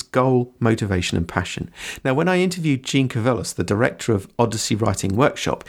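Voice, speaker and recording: Gravelly male writing-podcast host. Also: medium pitch. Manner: measured, explanatory, quotes from books. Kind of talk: scripted teaching narration.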